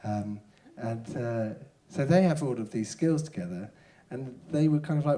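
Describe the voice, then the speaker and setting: A comedian guest telling a funny story in casual chat, often breaking into shouts and laughter as he acts out the people in it. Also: medium pitch, moderate pace, few pauses. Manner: lively storytelling, shouting out quoted hecklers, laughing. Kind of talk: casual anecdote. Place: stage before a live audience.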